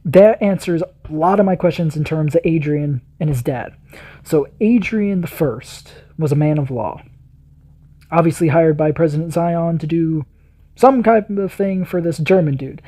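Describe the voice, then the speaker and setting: A man's voice: fairly high pitch, dark tone. A man hosting a reaction video, giving enthusiastic, rambling commentary full of fillers.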